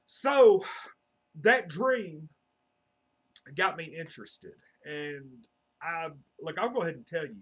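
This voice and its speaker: A man's voice: a little high, animated, slow pace, long pauses, a bit bright. A man, telling a personal story to camera in a casual, meandering way full of "uh" and "you know.". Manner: earnest, meandering, heavy on fillers like "uh" and "you know". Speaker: channel host.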